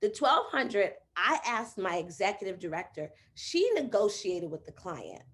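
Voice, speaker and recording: Animated woman telling her story. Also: unhurried, hardly any pauses. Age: adult with children. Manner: animated, acts out quoted dialogue with big pitch jumps. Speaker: guest, coaching client. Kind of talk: conversational interview storytelling.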